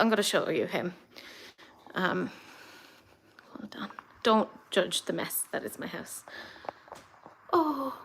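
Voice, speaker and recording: An Irish woman with a somewhat high voice chatting casually through a live makeup stream at home. She wanders into rambling, self-deprecating asides. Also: moderate pace, pushed and bright. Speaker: beauty YouTuber host.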